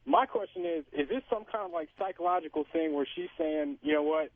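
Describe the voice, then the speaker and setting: A man's voice: fairly high pitch, big pitch swings, fairly quick, vocal fry, no room sound. Man calling in over a tinny phone line. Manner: rambling, casual, lots of fillers. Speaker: caller.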